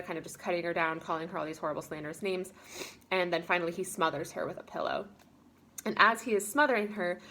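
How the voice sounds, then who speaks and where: A woman teacher talks through a lesson in a relaxed, informal way. She leans on fillers and loosely paraphrases what characters say. Her voice sits a little low for a woman. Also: slight background noise. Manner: chatty and informal, with many fillers, paraphrasing characters in quoted lines. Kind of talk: casual spoken lesson summary.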